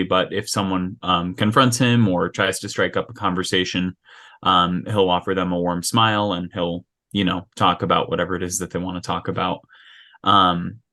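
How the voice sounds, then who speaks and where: Low-voiced man running a tabletop game. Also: sharp tone. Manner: hesitant, many ums and restarts. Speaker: game master. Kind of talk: describing a character at a tabletop game session.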